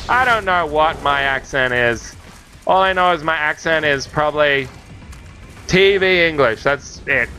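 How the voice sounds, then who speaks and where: Young Australian man, Australian accent, let's play host; high, piercing voice, excitable and jokey. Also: slight background noise. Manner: excitable, yelps and jokes at the game. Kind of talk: gameplay commentary.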